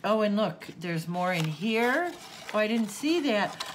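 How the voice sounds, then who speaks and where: A woman's voice: mid-range voice, sing-song, a little slow, a little hiss or hum. An older woman hosting a craft channel, gushing and tearful as she opens a gift, gasping and laughing often. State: tearful, sniffling. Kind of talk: casual unboxing chat.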